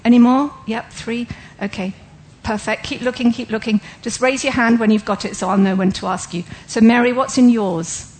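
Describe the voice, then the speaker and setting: A woman's voice: a little high, fairly even intonation, normal speed, darkish tone, rough recording. A woman giving an interactive sermon, asking listeners questions and explaining ideas step by step. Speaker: Bible teacher.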